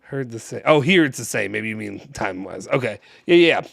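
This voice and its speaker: A man's voice: mid-range voice, expressive, brisk, gravelly, no room sound, studio quality. A young man co-hosting a fan live stream, joking and teasing with a laugh in casual chat. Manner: playful, laughs often, teasing.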